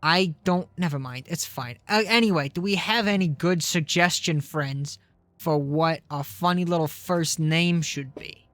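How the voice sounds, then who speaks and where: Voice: mid-range voice, a little slow, a bit bright, dry recording, soft background music. Profane rambling game streamer. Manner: profane, self-deprecating, rambling. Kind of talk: casual live-stream chat while gaming.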